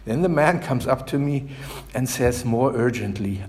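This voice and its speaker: A man preaching a sermon as pastor, asking rhetorical questions with dramatic pauses. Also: mid-range voice, a little mellow, a little hiss or hum. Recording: echoey church reverb.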